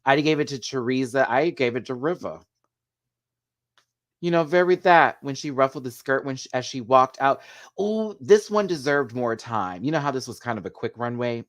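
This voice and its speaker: Gushing, chatty man with lively pitch. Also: normal speed. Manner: gushing, excitable, laughs often; chatty, talks back to viewers' comments. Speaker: host reviewing a TV show. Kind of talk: live video review chat.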